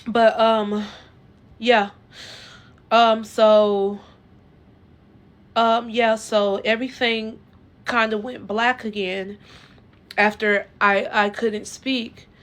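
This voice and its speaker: Woman, casual storytelling vlog; slightly high voice, earnest and halting. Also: level tone. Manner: halting, rambling, many "like" fillers and restarts; earnest and emotional. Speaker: vlogger telling her own story. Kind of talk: casual personal storytelling to viewers.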